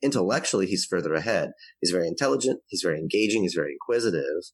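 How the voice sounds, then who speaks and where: A man's voice: low-pitched, lively intonation, very fast, slightly rough, no room sound, poor audio. A man giving earnest, explanatory parenting advice as a guest in a conversational interview. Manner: earnest, explanatory, varies his pace to demonstrate.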